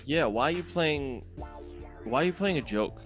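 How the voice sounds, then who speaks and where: A man's voice: on the high side, animated, moderate pace, fairly bright tone, soft background music. A man co-hosting a podcast, making wry, joking remarks in casual chat. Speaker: podcast co-host.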